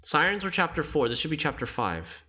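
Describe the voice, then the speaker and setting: A man's voice: a little high, big pitch swings, fairly quick, pushed and bright. A man streaming a game, thinking aloud as he works through a puzzle and questions himself.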